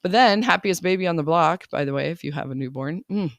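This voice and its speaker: Woman, life coach, casual podcast talk, chatty, laughs a lot, gravelly, dry sound. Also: fairly low pitch, fast talker, dry recording. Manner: chatty, often laughs, keeps asking "right?".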